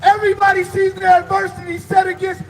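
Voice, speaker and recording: A man shouting a rally speech to a crowd at an outdoor protest at night, drawing out his lines. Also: very high voice, completely flat delivery, quick pace, gravelly, a little hiss or hum, rough recording. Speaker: protest speaker.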